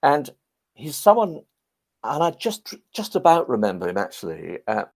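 A man telling lively anecdotes in a podcast interview, a former army clergyman. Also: mid-range voice, normal speed, gravelly. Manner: animated, anecdotal.

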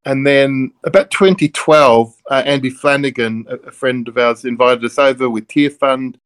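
A middle-aged man from Melbourne, a minister, telling stories in a relaxed conversational way that wanders off on tangents with self-deprecating jokes. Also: medium pitch, normal speed, clear, resonant tone. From Melbourne, Australia. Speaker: interview guest, Church of Christ minister.

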